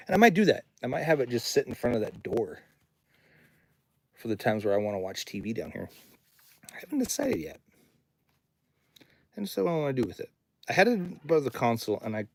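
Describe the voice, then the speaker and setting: Rambling male studio owner on livestream. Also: fairly low pitch. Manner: rambling, reads viewer comments aloud. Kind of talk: casual livestream chat. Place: home recording studio.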